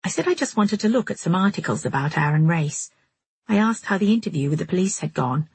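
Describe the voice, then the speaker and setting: A woman narrating a novel in the first person, in a steady, measured storytelling manner. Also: fairly low pitch, husky, no room sound. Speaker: audiobook narrator.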